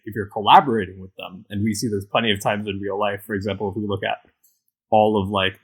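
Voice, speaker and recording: A man's voice: mid-range voice, slightly rough, rough recording. A man talking earnestly on a podcast, building his arguments with lots of fillers. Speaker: podcast co-host. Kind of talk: casual podcast discussion.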